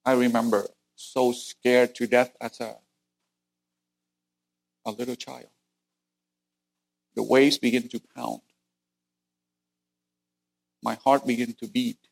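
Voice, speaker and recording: A middle-aged man from Vietnam delivers a sermon built on personal testimony. He speaks at an average pitch with earnest, plain storytelling, and his voice rises sharply when the story turns tense. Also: level tone, slow pace, creaky, long pauses. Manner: earnest storytelling, voice climbing high at intense moments. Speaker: preacher.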